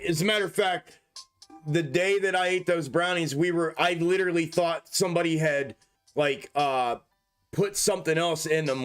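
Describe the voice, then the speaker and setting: A young man live streaming, rambling casually with heavy slang and lots of swearing. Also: fairly high pitch. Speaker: stock market live streamer.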